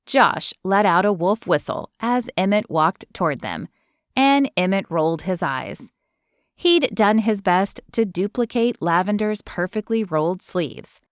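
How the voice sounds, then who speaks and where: A woman narrating an audiobook in an expressive storytelling manner. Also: mid-range voice, measured pace, no room sound, clean studio sound.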